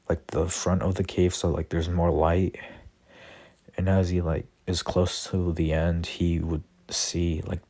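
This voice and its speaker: A man's voice: low-pitched, vocal fry, a little mellow, slightly rough. A man improvising a fan story, hesitant and full of filler words.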